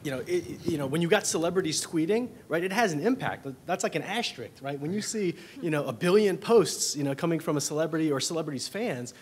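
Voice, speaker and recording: A man's voice: on the high side, animated, quick pace, hardly any pauses, slight background noise. A man speaking on a conference panel, hesitant, with frequent fillers and restarts. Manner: hesitant, many you-knows and restarts. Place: conference session room. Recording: faint room ambience.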